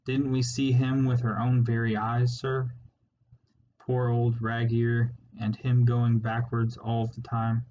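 A man's voice: medium pitch, completely flat delivery, slow pace, warm tone, lightly acted. Guy putting on a scared irish ferret soldier, rambly and pleading, kinda muffled audio with a little hiss. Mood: wailing, frightened. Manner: rambling, wailing, rustic storyteller's turns of phrase. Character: cowardly male ferret soldier, pleading and superstitious. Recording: slightly muffled with faint hiss.

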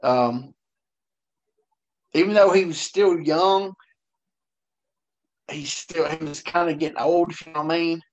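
A man's voice: a little high, unhurried, pauses often. A man co-hosting a casual chat, agreeable and hesitant, often trailing off mid-thought. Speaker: podcast co-host. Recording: dull lo-fi sound.

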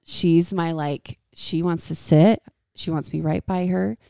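A woman in her thirties co-hosting a podcast, talking about parenting in a frank, casual way with frequent laughs. Her voice sits a little low and has a gravelly fry. It is recorded close and dry. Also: fairly even intonation, measured pace, mellow, no room sound. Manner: candid, laughs often, says "like" a lot. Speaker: podcast co-host. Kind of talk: casual chat.

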